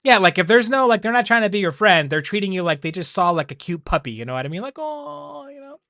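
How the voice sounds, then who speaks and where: A man chatting casually on a livestream, rambling and animated, often laughing. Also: high-pitched, fast, dry recording, clean studio sound. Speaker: streamer.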